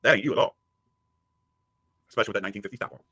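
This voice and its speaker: A man's voice: on the low side, rapid-fire, bright, forceful tone, slightly rough, dry recording. A man giving a crude, taunting rant as a streamer answering a critic. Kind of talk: profane ranting commentary.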